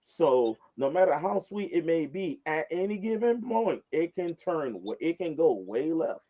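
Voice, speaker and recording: A man's voice: on the high side, unhurried. A man telling stories emphatically as a guest in a casual podcast chat. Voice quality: animated, emphatic storyteller. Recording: dull lo-fi sound.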